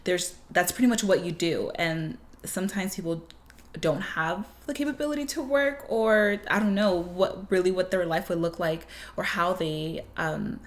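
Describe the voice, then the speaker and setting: A woman's voice: fairly low pitch, moderate pace. A young woman co-hosting a podcast in casual chat, speaking in a reflective, thoughtful way. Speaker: podcast co-host.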